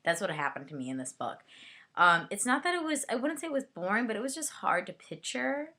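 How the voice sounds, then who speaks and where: Young woman gushing through a book and movie review, kinda low voice, rambly, keeps saying like. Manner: rambling and excitable, many fillers and asides.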